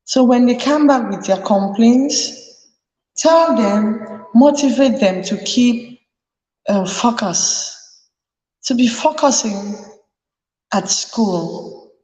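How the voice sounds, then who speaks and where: A woman's voice: on the high side, slow, pauses often, warm tone. A woman hosting a live parenting chat, earnestly advising parents and repeating her key points. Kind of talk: live talk to an audience. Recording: echoey room with long reverb.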